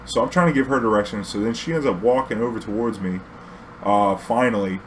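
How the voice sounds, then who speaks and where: A young man, a former cab driver, telling a loose, profane story from his driving days. His voice sits on the low side, and he keeps looping back and restarting. He laughs often as he goes. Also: a little fast, slight background noise. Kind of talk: casual storytelling vlog.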